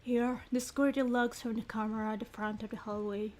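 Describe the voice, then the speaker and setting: A woman voicing a low-energy, sarcastic young man who is a detective's partner, reading game dialogue aloud in a flat, dry way. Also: quick pace, lightly acted.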